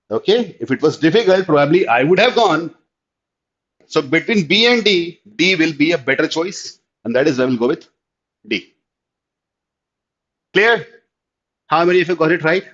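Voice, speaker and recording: Indian male tutor, online lecture, higher voice, keeps checking "clear?", dull lo-fi audio. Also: a bit bright. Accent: Indian English. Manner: explanatory, checks understanding with repeated "clear?", mixes in Hindi. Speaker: teacher.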